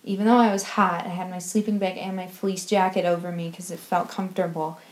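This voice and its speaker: A woman recounting her experience in a lively, giggly storytelling way, often breaking into laughter. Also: on the low side, brisk. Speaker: travel vlogger. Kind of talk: storytelling recap.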